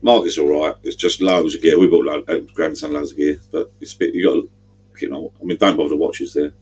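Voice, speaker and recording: A man's voice: rumbling low, fairly even intonation, quick pace, a little mellow, slight background noise. A middle-aged man, rambling chattily on a livestream. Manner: rambling, chatty, gives directions. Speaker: livestream host. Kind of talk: casual livestream chat.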